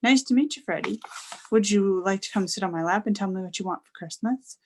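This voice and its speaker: A woman's voice: mid-range voice, fairly quick, a little hiss or hum, natural voice. A woman voicing a jovial, kindly old Santa Claus in a read-aloud storybook. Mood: jolly.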